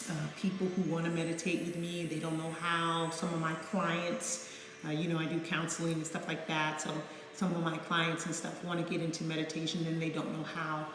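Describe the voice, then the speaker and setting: A woman's voice: lowish voice, background noise. A woman counselor teaching meditation in a casual live video, talking candidly and bluntly with mild swearing. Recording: echoey room with long reverb and faint music.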